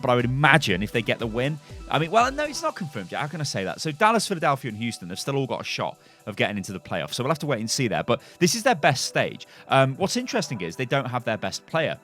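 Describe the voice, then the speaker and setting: British guy chatting through esports news, bouncy up and down voice, faint music under. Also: mid-range voice. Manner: animated, opinionated, chatty with fillers. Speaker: gaming news host. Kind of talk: casual news commentary.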